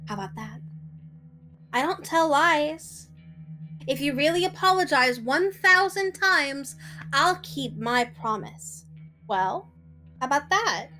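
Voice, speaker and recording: A woman's voice: high-pitched, expressive, slow pace, pauses often, bright, forceful tone, pitched above the performer's own voice, exaggerated voice. A woman voicing a cruel young woman who taunts and mocks her captive, with sneering laughter, in a dramatic reading of a visual novel with faint music behind. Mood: menacing.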